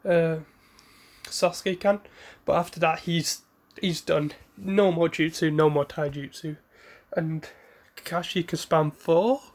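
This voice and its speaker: A man's voice: fairly high pitch, fairly even intonation, slow pace. A man casually retelling a fan story in a rambling, self-correcting way.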